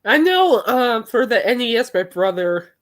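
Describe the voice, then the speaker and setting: A woman's voice: on the high side, sing-song, normal speed. Bubbly rambling woman podcast host. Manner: bubbly, rambling, laughs often. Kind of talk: casual chat.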